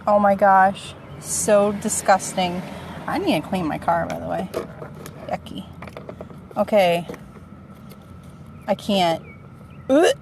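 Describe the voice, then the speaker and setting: A woman talks into her phone from a parked car, squealing and exclaiming as she frets. Her delivery is unhurried, with drawn-out words between the outbursts. Faint traffic noise hums behind her. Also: mid-range voice, creaky. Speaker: vlogger. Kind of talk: casual live-stream chat.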